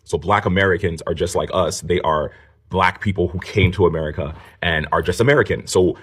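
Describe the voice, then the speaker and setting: A man's voice: low voice, a little fast, a bit bright, breathy edge. A man hosting a commentary video, speaking emphatically and critically. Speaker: commentary host. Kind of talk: commentary monologue to camera.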